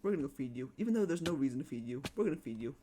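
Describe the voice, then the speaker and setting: An excitable live streamer chats casually over a game, repeating phrases and cooing over pets. The pitch leaps up and down, and faint keyboard typing sits in the background. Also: rapid-fire, a little hiss or hum. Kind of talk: casual live gameplay chat.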